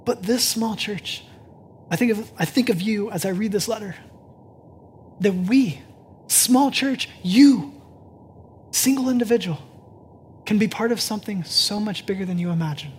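Conversational pastor preaching. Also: male voice, sits high, measured pace, long pauses, a little hiss or hum. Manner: conversational, swings from hushed to excited. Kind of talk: sermon. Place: church sanctuary.

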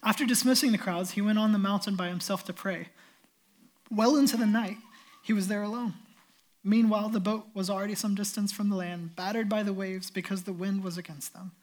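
A man's voice: high voice, fairly even intonation, a little fast. Earnest male pastor preaching. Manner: earnest, storytelling, emphatic. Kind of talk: sermon with scripture reading.

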